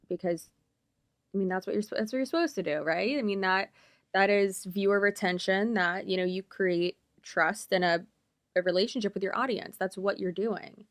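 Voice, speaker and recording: A woman commentator reacts to a clip with blunt, opinionated talk. She rambles and leans on fillers, and her voice sits at a middle pitch. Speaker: commentary YouTuber.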